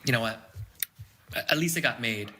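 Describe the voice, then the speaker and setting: A man with a very bright, forceful voice co-hosts a casual podcast chat. He rants about his gripes and swears freely, and his tone is tense and sharp. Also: mid-range voice, expressive, moderate pace, slight background noise. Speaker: podcast co-host.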